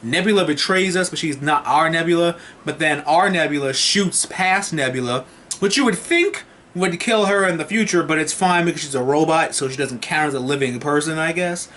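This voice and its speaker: A man recapping a film in a casual, excited, profane and rambling way as a movie reviewer. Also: fairly high pitch, moderate pace.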